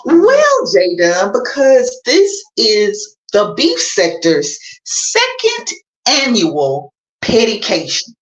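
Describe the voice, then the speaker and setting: A woman calling into a livestream in casual chat, playful and drawn-out in her delivery. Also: on the high side, wildly swooping pitch. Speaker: caller joining a livestream. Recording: echoey room.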